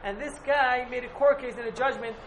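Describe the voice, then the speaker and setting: A man with a very high-pitched voice teaches an informal Talmud lesson to a small group, speaking briskly while rambling, repeating points and hedging frequently. The room is echoey, with slight background noise.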